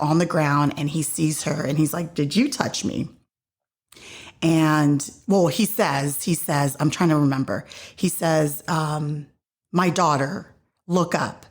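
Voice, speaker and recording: A woman's voice: low-pitched, steady tone, a little slow, few pauses. A woman hosting a podcast, casually retelling a faith story with many fillers and acted-out quotes. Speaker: podcast host.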